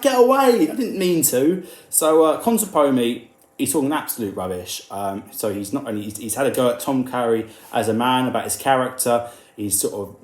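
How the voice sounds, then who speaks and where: Indignant man, roomy echo. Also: mid-range voice. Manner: animated, indignant, quotes people in mocking voices. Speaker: rugby news commentator. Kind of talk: opinionated commentary video.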